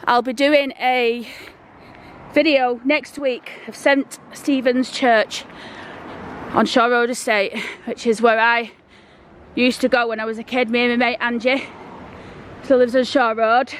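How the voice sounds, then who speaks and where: In a casual walk-and-talk vlog, a woman strolls through town with a handheld phone, chatting in a rambling, down-to-earth way and out of breath. Her voice is a little high and flat, at a measured pace, with a little hiss or hum.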